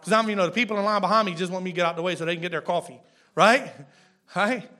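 Pastor, male, high and bright-toned voice, chatty sermon delivery with restarts. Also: very fast. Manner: conversational preaching with frequent restarts and "right?" asides.

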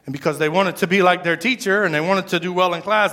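A man's voice: high-pitched, fairly even intonation, fast, pushed and bright. A man preaching a sermon, emphatic and repeating his phrases. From Florida. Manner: emphatic, repeats phrases, asks the crowd "right?". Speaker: pastor.

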